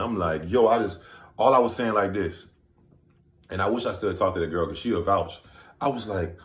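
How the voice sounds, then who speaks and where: A man from Virginia tells a long story to his camera in a loose, rambling way. His voice sits fairly low. The room is echoey and bounces his voice back. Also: normal speed. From Virginia, USA. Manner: loose, rambling, full of "you know what I'm saying". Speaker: vlogger.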